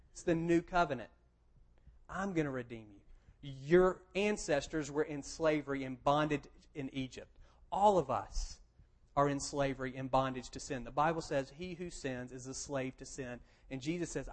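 A man's voice: mid-range voice, moderate pace. A man preaching a sermon, explaining plainly and quoting scripture with emphasis. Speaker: pastor.

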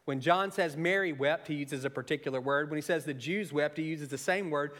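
A man preaching a sermon, moving between soft, intimate asides and raised, emphatic storytelling. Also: fairly high pitch, fairly quick. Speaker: pastor.

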